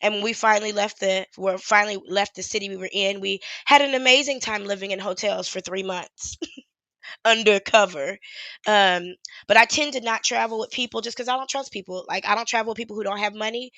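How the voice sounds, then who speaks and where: Chatty woman YouTuber, bright dry voice. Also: medium pitch, steady tone, brisk, dry recording. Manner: chatty, rambling, frank with swearing. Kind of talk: casual livestream chat.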